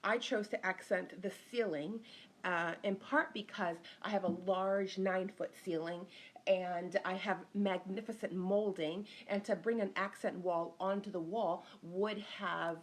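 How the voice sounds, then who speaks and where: A woman's voice: mid-range voice, steady tone, a little slow. A middle-aged woman, an interior designer, giving a casual live-stream lesson, chatting and greeting viewers by name as she goes.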